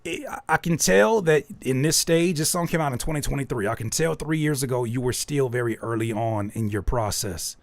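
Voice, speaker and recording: A man's voice: mid-range voice, fairly quick, hardly any pauses, no room sound. A man hosting a live music feedback stream who speaks bluntly and emphatically and jokes as he critiques. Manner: emphatic, animated, blunt, joking. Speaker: host giving music feedback.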